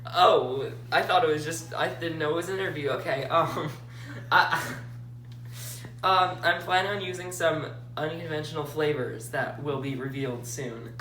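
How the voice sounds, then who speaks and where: A woman's voice: sits low, moderate pace, a bit bright, slight background noise. Playful woman in an echoey room. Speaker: contestant and show host. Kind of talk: improvised mock cooking show. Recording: echoey room from far off, with music.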